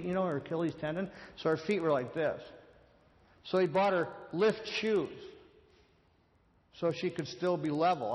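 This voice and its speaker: Man, slightly high voice, easygoing conversational preacher who repeats words, recorded in a reverberant church hall. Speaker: speaker on addiction and grace. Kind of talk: sermon with storytelling.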